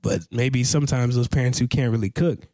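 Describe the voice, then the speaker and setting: A man co-hosting a podcast in casual chat, animated and jokey with slangy talk. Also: mid-range voice, brisk, no room sound, studio quality. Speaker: podcast co-host.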